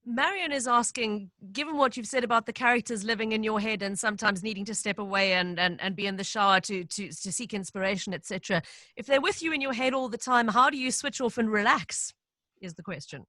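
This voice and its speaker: A woman hosting a live radio interview, reading out listener questions clearly and briskly. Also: medium pitch, pushed and bright, dry recording. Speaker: radio host.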